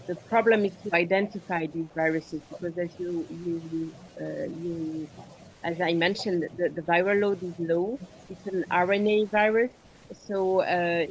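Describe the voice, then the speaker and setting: French-accented woman, halting speech. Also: fairly low pitch, slight background noise, poor audio. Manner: halting, frequent "uh" pauses. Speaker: speaker. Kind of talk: online medical discussion. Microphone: video call.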